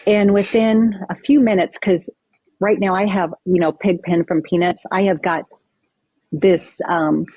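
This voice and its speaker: Low husky woman guest telling her story all animated, dry dull sound. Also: unhurried, no echo. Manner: vivid, animated retelling with acted-out quotes. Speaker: podcast guest. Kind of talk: personal storytelling in conversation.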